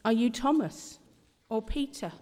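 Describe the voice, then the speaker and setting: A woman reading a rhyming Bible story in a slow, measured, expressive way. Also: a little high. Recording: long hall reverb.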